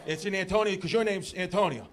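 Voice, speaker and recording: A man from Queens doing a stand-up comedy set, loud and animated, shouting punchlines and working the crowd on a comedy club stage. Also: high-pitched, fast. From Queens, New York. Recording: live club crowd laughing.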